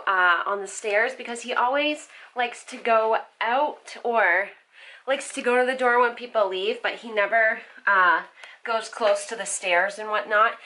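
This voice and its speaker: A woman's voice: on the high side, bright, forceful tone, a little hiss or hum. A young woman talking casually to her vlog camera at home and cooing at her baby son. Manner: chatty, coos and baby-talks to her son. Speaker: vlogger and mother. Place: home, indoors.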